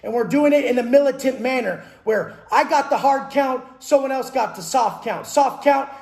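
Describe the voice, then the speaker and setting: Brief: high-pitched male coach, aggressive profane monologue, roomy echoey space. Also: normal speed, creaky, darkish tone. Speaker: fitness and mindset coach. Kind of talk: blunt profane monologue about prison life. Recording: roomy echo.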